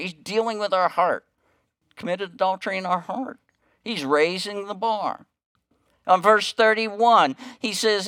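A man's voice: high voice, a little slow, pushed and bright, clean tone, no echo, clean studio sound. A middle-aged man preaching as a guest pastor, in a folksy, chatty way with many asides and restarts. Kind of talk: conversational sermon with humor.

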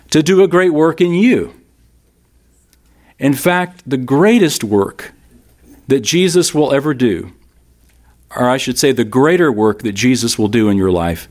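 A man's voice: mid-range voice, a little mellow. A man teaching a Bible class in a sermon style, emphatic, repeating key lines and speaking straight to his listeners.

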